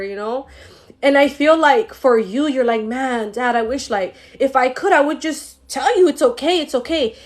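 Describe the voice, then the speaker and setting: Woman, psychic medium, live-stream reading, slightly high voice, slangy, swears casually, speaks to the viewer. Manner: slangy, swears freely, talks straight to the viewer; emotional, laughs often while reading.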